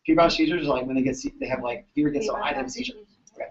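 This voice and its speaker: Male chiropractor, fairly high voice, animated storyteller, recorded from across an echoey room on a dull mic. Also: rapid-fire, distant mic, background noise. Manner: animated, chatty, keeps asking "right?". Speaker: chiropractor presenting to colleagues. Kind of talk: storytelling talk to an audience.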